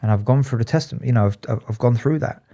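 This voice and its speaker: A man, a psychotherapist, talking candidly and emotionally in an interview, halting and restarting often. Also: mid-range voice, mellow. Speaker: psychotherapist and addiction specialist, guest.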